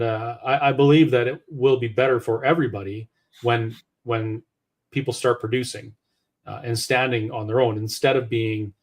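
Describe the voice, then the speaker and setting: A Canadian man as a guest, speaking earnestly and with conviction, often restarting his sentences. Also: mid-range voice. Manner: earnest, opinionated, with hesitant restarts. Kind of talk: casual conversational commentary.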